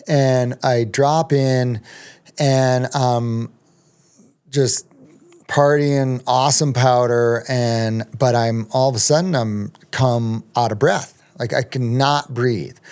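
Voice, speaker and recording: A man's voice: mid-range voice, darkish tone, clean tone. A middle-aged man telling a long story as a podcast guest, rambling with many ums and restarts. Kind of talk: casual storytelling.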